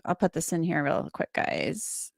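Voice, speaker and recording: A woman's voice: deep voice, measured pace, gravelly, no room sound, clean studio sound. A woman giving casual, rambling commentary on a trial, with lots of fillers. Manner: rambling, filler-heavy, chatty. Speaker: legal commentator.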